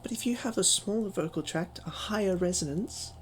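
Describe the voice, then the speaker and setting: A woman talks through a voice-training lesson in a loose, chatty way, pausing on plenty of ums and poking fun at her own progress. Her voice sits at an ordinary middle pitch, with a faint hiss underneath. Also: rough recording. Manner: chatty, self-deprecating, filler-heavy. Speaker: voice training tutor. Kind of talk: casual tutorial.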